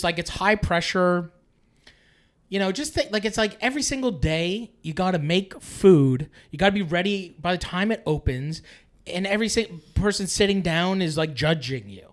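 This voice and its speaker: Canadian chef guy in his late 30s rambling on a podcast, high voice, swears a ton, says like every other word. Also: fairly bright tone. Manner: rambling and profane, full of filler "like"s. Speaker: guest chef. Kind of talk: casual podcast chat.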